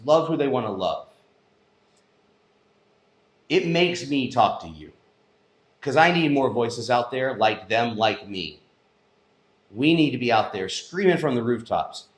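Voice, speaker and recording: A man's voice: mid-range voice, echoey room. A man hosting a news commentary show, speaking in an impassioned, emphatic way. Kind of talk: opinion commentary monologue.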